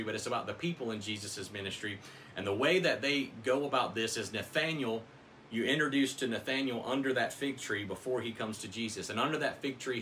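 Guy pastor giving a sermon, earnest, a bit dramatic, sharp tense tone. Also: mid-range voice, slight background noise. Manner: earnest, dramatic scripture reading. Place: church.

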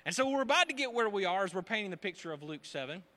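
Guy pastor preaching hard, bright sharp voice, loud then quiet. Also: high voice, racing. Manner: animated, emphatic preaching with swings from loud to hushed. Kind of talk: sermon.

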